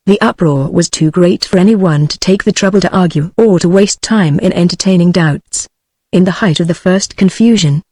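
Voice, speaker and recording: A woman's synthetic voice with a British English accent, reading a novel aloud in steady, even scripted narration. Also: fairly low pitch, no room sound.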